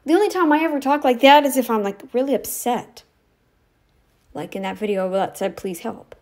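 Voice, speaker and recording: A woman's voice: fairly high pitch, lively intonation, a little fast, a little mellow. A woman talking straight to the camera in a rambling, scolding, sarcastic way, full of "like" fillers. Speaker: YouTube commentator. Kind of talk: ranting direct-to-camera commentary.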